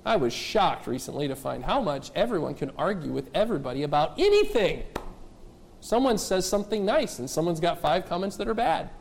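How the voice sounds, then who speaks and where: Male pastor, high voice, emphatic sermon, lots of rhetorical questions. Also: sing-song, a little fast, gravelly, a little hiss or hum. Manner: addresses kids and adults directly.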